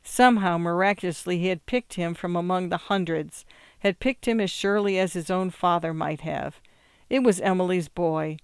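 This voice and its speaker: A woman narrating a story in a steady, measured reading voice. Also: fairly low pitch, clean tone, no echo, studio quality. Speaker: audiobook narrator.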